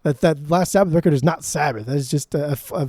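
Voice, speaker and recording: Mellow-voiced, sarcastic podcast co-host man. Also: on the high side, quick pace, dry recording, clean studio sound. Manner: dismissive, sarcastic, argumentative. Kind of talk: casual chat about music and records.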